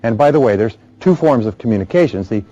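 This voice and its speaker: A man giving a measured, explanatory motivational seminar lecture. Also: mid-range voice, animated, warm tone. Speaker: motivational speaker. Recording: dull lo-fi recording.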